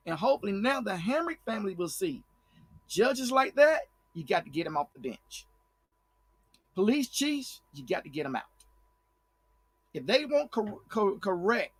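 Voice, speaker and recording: High-voiced man giving blunt, heated commentary. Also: no room sound. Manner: blunt, repetitive, fiery. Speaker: online commentator.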